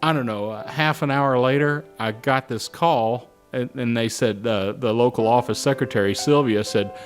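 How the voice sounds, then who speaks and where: A middle-aged man recalling his flying career in a lively anecdotal way, acting out the voices of people he quotes. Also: medium pitch, normal speed. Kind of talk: anecdotal storytelling. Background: soft guitar music.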